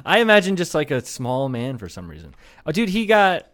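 Casting: young male comedy podcast co-host, slightly high voice, swears freely, laughs a lot. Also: huge pitch swings, fairly quick, a bit bright. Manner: loose and profane, laughs often, slips into mocking voices. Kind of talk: casual comedic chat.

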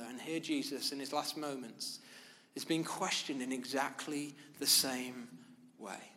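A man preaching a sermon, speaking in measured, emphatic phrases with pauses. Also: mid-range voice, sharp tone. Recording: long reverb of a large hall.

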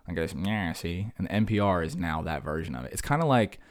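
A young man hosting a solo podcast, ranting fast and sarcastically, jumping from one tangent to the next. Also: low voice, big pitch swings, no echo, clean studio sound. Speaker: podcast host.

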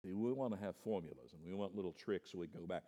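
A male pastor delivers a sermon at a quick pace, swinging between soft, low passages and loud, high-pitched emphasis while calling listeners "my friend." A long hall reverb surrounds his voice.

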